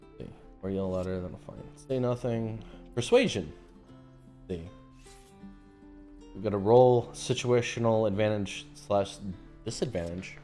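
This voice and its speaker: Casting chatty American streamer, lowish relaxed voice, game music faint behind. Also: male voice, measured pace, long pauses. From United States. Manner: laid-back, chatty, slangy. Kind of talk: casual gameplay commentary.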